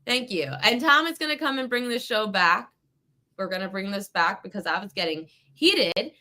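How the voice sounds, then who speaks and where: A woman's voice: medium pitch, animated, moderate pace, sharp tone. A woman hosting a sports betting podcast, ranting heatedly at a commenter in a live chat. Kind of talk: live-stream betting talk.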